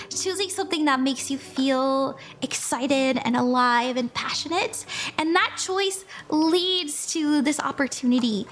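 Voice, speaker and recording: Bubbly high-voiced woman reading tarot. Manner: chatty and bubbly, laughs often, greets viewers. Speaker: tarot reader streaming live. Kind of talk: casual live-stream tarot reading.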